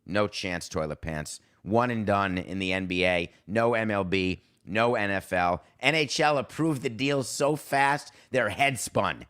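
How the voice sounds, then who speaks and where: A man hosting a sports podcast, delivering a sarcastic, animated, worked-up opinion monologue. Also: fairly low pitch, a little slow, few pauses, clear, resonant tone. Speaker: podcast host.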